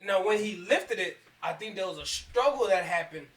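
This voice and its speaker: A man's voice: high-pitched, lively intonation, moderate pace, a bit bright, roomy sound, recorded from a distance. A man co-hosting a casual podcast, talking in slangy, profane street speech. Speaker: podcast co-host. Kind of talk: casual group podcast chat.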